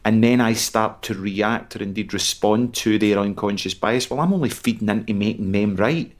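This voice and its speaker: A man with a Scottish accent, calmly explaining his ideas in a chat. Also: lowish voice, moderate pace. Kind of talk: casual chat.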